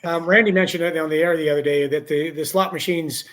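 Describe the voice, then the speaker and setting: Middle-aged hockey broadcaster guy, fairly high voice, breaks stuff down calm and friendly. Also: fast talker. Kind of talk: casual sports chat.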